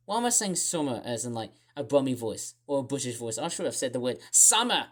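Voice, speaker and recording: On her own weather channel, an Australian woman offers loose, rambling commentary full of fillers and asides, as if thinking aloud. She speaks briskly with a deep voice, lively intonation and hardly any pauses.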